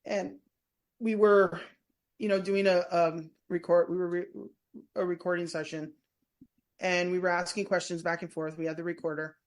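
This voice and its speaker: A woman's voice: lowish voice, level tone, moderate pace. Chatty woman rambling through stories. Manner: chatty, meandering, full of restarts. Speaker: guest, former prison staff member and tour guide. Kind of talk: casual storytelling in a podcast interview.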